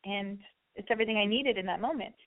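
A woman's voice: mid-range voice, fast talker. Chatty woman telling a story over a tinny line. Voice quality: chatty, forward and brash. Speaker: podcast host. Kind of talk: casual storytelling monologue. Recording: narrow phone-like sound.

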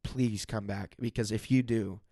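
A man's voice: on the low side, steady tone, unhurried, vocal fry, warm tone, no echo, clean studio sound. A young man telling a personal story in casual chat, emphatic and full of "like" fillers.

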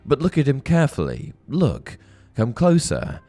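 A man reading the part of an eager aristocratic male dark wizard and father, urging on with avid excitement and pushing his voice higher than his own. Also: moderate pace, close to an everyday voice.

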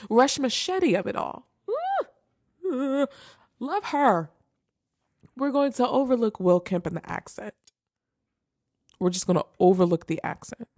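A woman's voice: low voice, mellow, no room sound, studio quality. A young woman hosting a casual chat show, gushing over favorites and repeating phrases for emphasis. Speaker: host ranking holiday movies.

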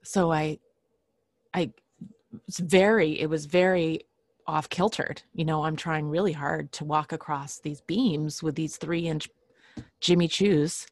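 A woman telling a personal story casually, halting often with fillers and restarts and clearing her throat now and then. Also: low-pitched, steady tone, a little mellow, no echo, clean studio sound.

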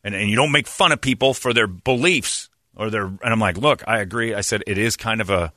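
Bright, dry-voiced rambling male host. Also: on the low side, brisk, no echo. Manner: rambling, lots of "uh" fillers, animated retelling. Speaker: radio show host. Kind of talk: casual storytelling chat.

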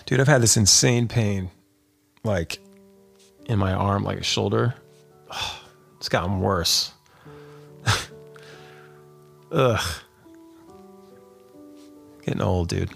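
A man's voice: on the low side, drawn-out words, gravelly, pauses often, faint music behind. A man hosting his podcast stream in a laid-back, rambling chat, dropping fillers and calling listeners "dude". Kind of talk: casual live-stream chat.

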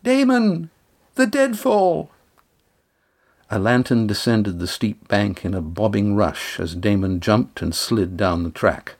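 Low-voiced man narrating an audiobook. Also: steady tone, unhurried, few pauses.

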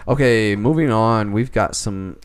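A man co-hosting a podcast, chatting casually in a joking, animated way. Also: lowish voice, smooth. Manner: animated, joking, quick to laugh. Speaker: podcast co-host. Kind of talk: casual chat.

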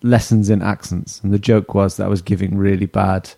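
A man's voice: deep voice, flat delivery, fairly quick, gravelly, warm tone. A man hosting a casual football podcast chat, jokey, laughing often and trailing off mid-sentence. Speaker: podcast host.

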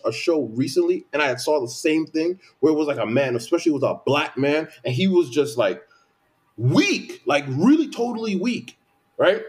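A man in casual conversation, venting emphatically with lots of repetition. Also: a little high. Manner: animated, repetitive, emphatic complaints. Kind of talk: casual opinion chat.

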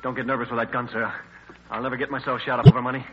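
Actor playing a stammering scared gas attendant, lo-fi old radio with faint hiss. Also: male voice, medium pitch, level tone, racing, close to an everyday voice. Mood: nervous. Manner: jittery and stammering. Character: nervous male gas station attendant. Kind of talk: 1940s radio acting.

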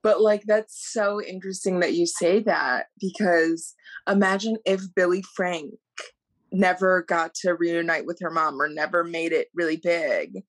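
A woman's voice: lowish voice, fairly even intonation, unhurried. A woman co-hosting a podcast, bantering playfully and with sass about a film. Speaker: podcast co-host. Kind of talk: casual movie review chat.

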